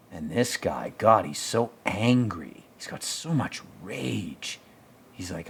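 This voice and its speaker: A man with a lowish voice talks through a TV episode in loose, profane commentary. His pitch swings widely as he rambles from one blunt opinion to the next. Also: sing-song, measured pace, husky. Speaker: podcast host commenting on a TV episode.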